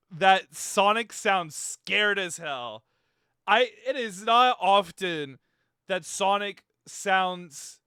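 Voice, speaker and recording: A man's voice: fairly high pitch, sharp tone, clean tone, no echo, clean studio sound. A man streaming live, casually reacting and joking, rambling and self-mocking.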